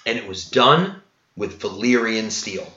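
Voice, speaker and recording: Excitable man in an echoey room. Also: on the low side, lo-fi sound. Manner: enthusiastic, fast, filler-heavy with lots of "right?" and "like". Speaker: podcast host. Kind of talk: casual TV recap chat.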